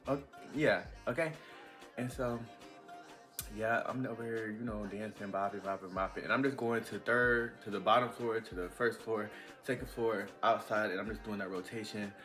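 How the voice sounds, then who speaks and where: A young man telling a casual storytime vlog, chatty and animated with lots of fillers. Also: fairly low pitch, moderate pace, faint music behind. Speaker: vlogger.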